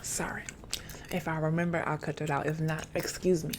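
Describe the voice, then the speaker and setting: Lady chewing gum and rambling in a low-ish voice, some whispering, hissy noisy recording. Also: brisk. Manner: chatty, rambling, chewing gum while talking; drifts into whispers at times. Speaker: ASMR creator. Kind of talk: late-night soft-spoken ASMR chat. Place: home setup, camera placed far away.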